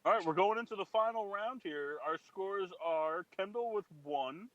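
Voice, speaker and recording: A man's voice: sits high, moderate pace, no room sound, highs cut off. A man hosting a casual quiz game on a live radio stream, teasing and joking with his co-hosts. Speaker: podcast host running a quiz game.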